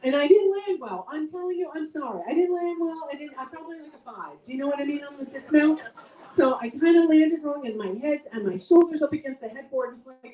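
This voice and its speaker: A woman in her thirties doing stand-up as the show's host, her voice high yet mellow. She tells stories in animated bursts with laughs. The sound is roomy and echoey, caught from a mic set some distance away. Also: brisk, highs cut off. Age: 30s. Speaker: comedy show host. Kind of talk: stand-up comedy.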